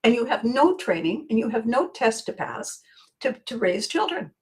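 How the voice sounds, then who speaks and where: A woman hosting a podcast, musing aloud in a reflective self-help monologue, often circling back, repeating phrases and clearing her throat. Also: on the high side, very animated, moderate pace, a little mellow. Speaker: podcast host.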